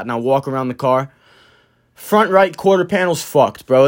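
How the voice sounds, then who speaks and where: A young man with a somewhat high voice tells a story straight to the camera. He talks loosely and profanely, with plenty of slang and fillers. His delivery is relaxed and casual. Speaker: vlogger telling a story.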